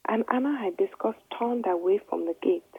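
A woman reading a children's story aloud in gentle, measured narration. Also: mid-range voice, husky, no room sound. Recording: dry, tinny phone-like line.

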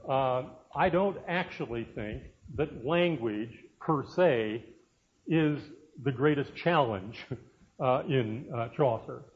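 Man in his 60s, professor giving a chatty classroom lecture, slightly high voice, dull lo-fi recording. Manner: conversational, frequent "uh" fillers, asides to students. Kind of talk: university lecture.

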